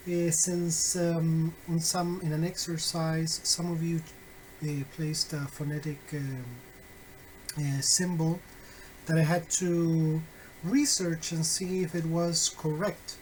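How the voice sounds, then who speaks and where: A man teaching phonetics in a recorded online lesson, deliberate and full of fillers and self-corrections, with wry, friendly asides to his students. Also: fairly high pitch, a little mellow, slight background noise, rough recording.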